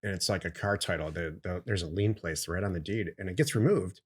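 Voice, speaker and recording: This is a middle-aged man co-hosting a relaxed business podcast. His voice sits low, and he explains things in plain terms. He gives his opinions bluntly and without softening them. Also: fairly quick, husky. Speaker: podcast co-host. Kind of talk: casual business podcast chat.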